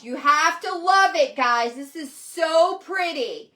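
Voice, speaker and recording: A woman hosting a casual live craft demonstration, chatting excitedly and calling out viewers by name. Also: high voice, slow. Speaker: livestream host selling craft supplies and clothes.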